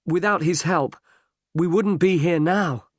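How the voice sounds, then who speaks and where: A man's voice: high voice, a little slow, no echo, studio quality, voice pushed up. A man reading aloud, voicing an anxious young male hero with an earnest, questioning manner.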